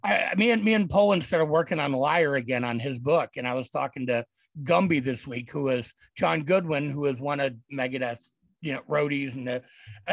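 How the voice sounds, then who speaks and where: A man's voice: medium pitch, no echo. A man on a casual review panel, laid-back and shrugging, swearing offhandedly.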